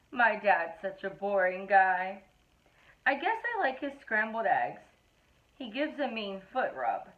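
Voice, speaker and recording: A middle-aged woman reading funny children's poems aloud in a playful, animated storytelling manner. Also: on the high side. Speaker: reader of a children's poetry book. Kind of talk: expressive read-aloud of children's verse. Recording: tinny phone-like audio.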